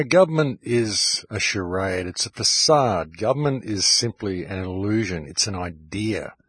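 A man's voice: on the low side, fairly bright tone, husky, no echo. A middle-aged man hosting a radio show, delivering an impassioned, urgent monologue straight to his listeners. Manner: ranting, urgent, addresses listeners directly.

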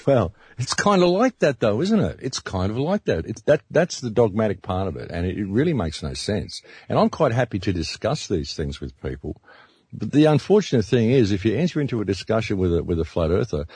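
A man's voice: lowish voice, a little mellow, husky, dry recording. A man, a radio announcer, talking earnestly in a casual discussion and often repeating words as he thinks.

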